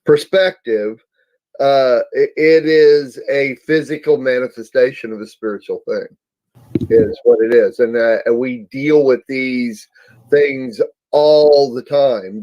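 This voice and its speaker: A man co-hosting a Christian talk show, explaining slowly with many restarts and fillers. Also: mid-range voice, darkish tone, dry recording, muffled recording. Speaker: co-host. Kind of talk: faith talk show discussion.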